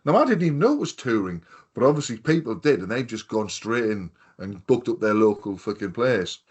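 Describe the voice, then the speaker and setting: A man's voice: lowish voice, sing-song, fairly quick, darkish tone, slightly rough, dull audio. A man in his fifties chatting casually on a podcast, telling rambling anecdotes full of swearing and quoted voices. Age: 50s. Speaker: podcast co-host. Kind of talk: casual chat, storytelling.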